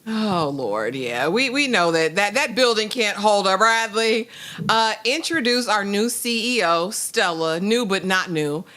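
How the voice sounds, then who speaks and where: A woman's voice: mid-range voice, expressive, measured pace, sharp tone. Sassy woman recapping a TV show. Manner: sassy, teasing, asks her co-host questions. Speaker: co-host of a TV review show. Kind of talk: casual TV recap chat.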